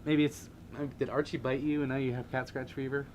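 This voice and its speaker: A man's voice: mid-range voice, flat delivery, brisk, a little mellow, slight background noise. A man hosting a casual livestream, reading viewer comments aloud and laughing often. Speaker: livestream host.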